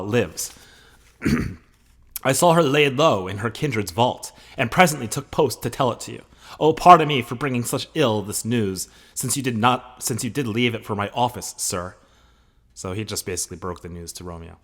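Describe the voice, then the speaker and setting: A man's voice: fairly low pitch, pushed and bright. A man teaching a play, reading the lines aloud with feeling and then explaining them in casual, joking asides.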